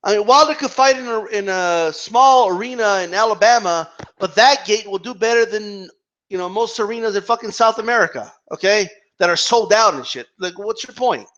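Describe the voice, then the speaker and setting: Heated high-voiced man ranting. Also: normal speed, a bit bright. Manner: heated, profane, repeats words, argues with imagined fans. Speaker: boxing commentator. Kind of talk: ranting vlog commentary. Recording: dull lo-fi sound.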